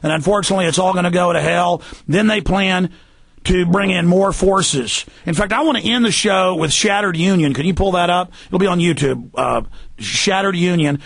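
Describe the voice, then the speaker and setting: A male radio host rants emphatically, his voice pitched high with a husky, gravelly grain. He is heard dry and close on the mic, and he pushes hard into his points, sometimes rising to a shout. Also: moderate pace, no echo. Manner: emphatic, ranting, raises voice to a shout. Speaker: radio talk show host. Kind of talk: heated talk radio rant.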